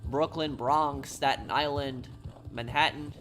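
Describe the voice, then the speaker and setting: A man's voice: mid-range voice, fairly even intonation, slow pace, fairly bright tone, a little hiss or hum. A man from New York chatting casually on a live stream, answering viewer questions while he plays, rambling and a bit apologetic. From New York, USA. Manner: rambling, apologetic, talks over gameplay.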